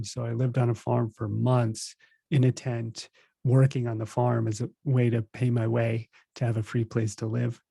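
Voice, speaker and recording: Man in his thirties, mellow storyteller. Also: mid-range voice, creaky, no echo. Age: 30s. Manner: relaxed storytelling, laughs at himself. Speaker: podcast guest, meditation teacher. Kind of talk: casual interview chat.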